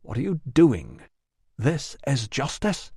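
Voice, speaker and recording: A man's voice: medium pitch, huge pitch swings, slow pace, vocal fry, warm tone, slightly rough, no echo, studio quality, pitched above the performer's own voice, full character voice. A man voicing a fierce, defiant tribal woman who speaks in a cold, hissing way.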